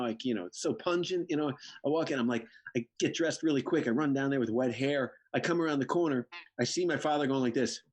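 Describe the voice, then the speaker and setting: A man from Connecticut telling funny family stories on a video call, full of quoted voices. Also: medium pitch. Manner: animated anecdotes, playful mother impressions. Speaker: comedian.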